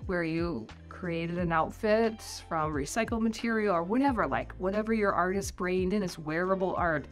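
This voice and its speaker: A middle-aged American woman talks straight to camera in a loose, chatty vlog style, stringing thoughts together with lots of "like". Her voice sits a little low for a woman. Soft music plays faintly underneath. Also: normal speed. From United States. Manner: chatty, rambling, heavy use of "like". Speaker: vlogger giving tips on life in New Zealand. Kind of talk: casual talking-head vlog.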